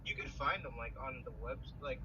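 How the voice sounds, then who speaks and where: A man's voice: medium pitch, steady tone, moderate pace, pushed and bright, husky. Young man on a robotic-sounding phone line. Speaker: guest. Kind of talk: casual podcast chat.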